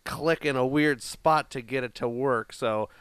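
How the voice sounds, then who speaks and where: A man co-hosting a casual podcast, joking and rambling in an animated way. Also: medium pitch, measured pace, clean tone, dry recording. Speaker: podcast co-host. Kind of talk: casual chat.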